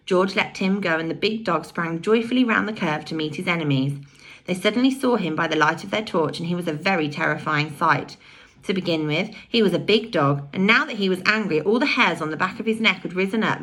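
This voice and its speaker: A woman reading a children's novel aloud with expressive storytelling. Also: fairly low pitch, fairly quick. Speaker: audiobook reader.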